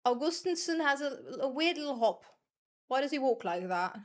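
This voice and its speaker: A woman's voice: sits high, lively intonation, moderate pace. A young woman from the Netherlands, chatting and swearing casually to viewers while commentating her gameplay. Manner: chatty, swears freely, self-deprecating, rambles to viewers. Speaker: streamer.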